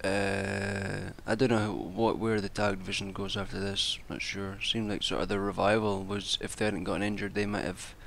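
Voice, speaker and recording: A man with a gravelly, creaky voice rants in a loose, unscripted way. He sounds exasperated and swears freely, restarting his sentences as he goes. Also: on the low side, level tone, normal speed, hardly any pauses, fairly bright tone, a little hiss or hum. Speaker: wrestling commentator and vlogger. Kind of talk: casual ranting predictions.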